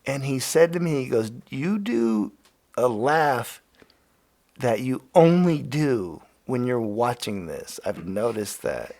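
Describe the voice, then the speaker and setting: A man hosting a podcast, telling a story in a loose, animated way, laughing and swearing freely. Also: mid-range voice, slow. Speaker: podcast host. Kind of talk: casual storytelling.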